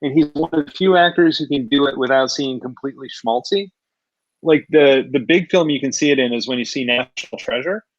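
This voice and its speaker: A man's voice: medium pitch, brisk, no room sound, lo-fi sound. A man hosting a casual chat, talking about movies in an enthusiastic, opinionated way. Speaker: host.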